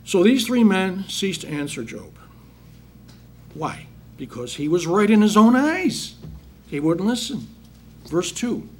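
A man's voice: high-pitched, very animated, slow pace, pauses often, breathy edge. A man preaching a sermon, reading Bible verses aloud and then putting them into plain everyday words, calling his listeners brethren. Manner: reads verses then paraphrases in plain talk, addresses congregation as brethren.

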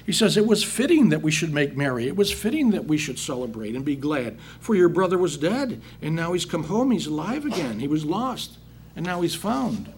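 A man's voice: on the high side, very animated, moderate pace, darkish tone, slight background noise. A man teaching a Bible passage, reading verses aloud and then explaining them in plain words with emphatic rhetorical questions. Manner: reads scripture then paraphrases it plainly. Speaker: preacher.

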